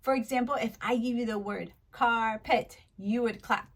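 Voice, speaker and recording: High, bubbly woman teacher. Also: fairly even intonation, normal speed, a little hiss or hum. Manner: upbeat, encouraging, exaggerated praise; chatty and candid when talking to her viewers. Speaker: teacher applying as online tutor. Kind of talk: mock lesson for young children.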